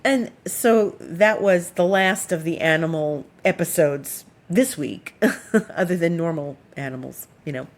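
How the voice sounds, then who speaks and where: A woman astrologer telling a personal story in a chatty, expressive, rambling way. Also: fairly low pitch, unhurried.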